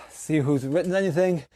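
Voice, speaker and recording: A man's voice: a little high, unhurried, a little mellow, no echo. A man leading a live online exercise class, encouraging and chatty, counting down moves and a little out of breath. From England. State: a bit out of breath. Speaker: fitness instructor.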